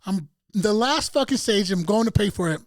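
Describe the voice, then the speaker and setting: Speaking at normal speed with a high-pitched voice and no echo, a man co-hosting a podcast tells a story casually and profanely. He's animated throughout and mimics the other people in the tale.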